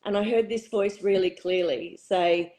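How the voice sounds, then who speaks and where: A middle-aged woman with a hoarse, husky voice, a spiritual retreat facilitator telling her story candidly in an interview. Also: medium pitch, fairly even intonation, a little slow, darkish tone, low-quality recording. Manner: candid, reflective, uses fillers. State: hoarse, croaky throat.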